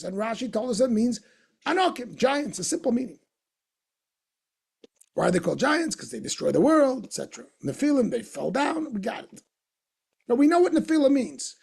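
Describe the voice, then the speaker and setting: Rabbi teaching a text class, husky and gravelly, explains by asking questions and repeating points. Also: male voice, very high voice, darkish tone. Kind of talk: Torah lesson lecture.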